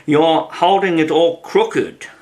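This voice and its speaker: A man's voice: on the high side, takes it slowly, darkish tone, pitched above the performer's own voice. A man voicing a polite, puzzled young girl in an audiobook, earnest and full of questions. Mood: concerned. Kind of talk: audiobook reading.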